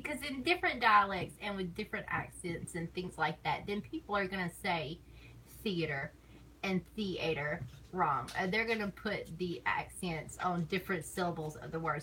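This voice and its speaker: A woman's voice: fairly low pitch, pushed and bright, a little hiss or hum, poor audio. A woman with a Southern US accent chatting casually on a live stream, laughing often and teasing. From American South.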